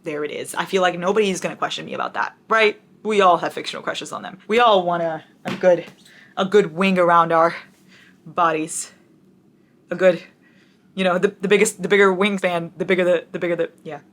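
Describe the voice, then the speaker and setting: A woman's voice: on the low side, a little fast. A young woman chatting casually to camera about books, bubbly and dramatic, now and then breaking into song. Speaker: book vlogger.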